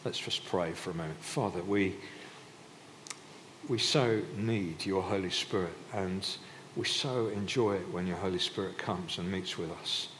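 In a church hall, a man with a low, fairly bright voice delivers a sermon a little slowly and conversationally, often restarting sentences and using filler. The hall is reverberant, with faint background noise.

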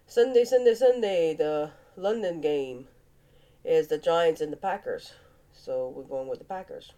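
Here a vlog host with a Cajun accent shares football picks in a casual, chatty, playful way, complete with animal noises. Her voice is low-pitched and dark in tone, and it sounds nasal and stuffed up from sinus congestion.

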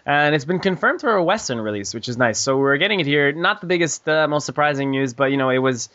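A loose, joking man hosting a podcast, going through news between crude jokes, with a voice a bit higher than most men's. His delivery is full of fillers and small laughs. The sound is dry and slightly dull. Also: animated, fast, a bit bright, dry recording. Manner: joking, loose, with frequent "uh" and "um" and giggles. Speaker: podcast host. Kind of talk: casual chat with news reading.

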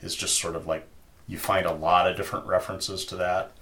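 A man's voice: deep voice, little pitch movement, a little fast, sharp tone, slight background noise. A man narrating as game master in a tabletop game, loose and chatty. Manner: loose and chatty, many fillers.

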